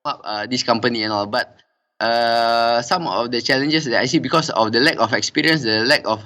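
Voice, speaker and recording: Hesitant man with bright voice. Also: medium pitch, fairly even intonation, brisk. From Singapore. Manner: hesitant, many fillers and "and all" tags. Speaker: interview guest, company director. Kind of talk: casual interview conversation.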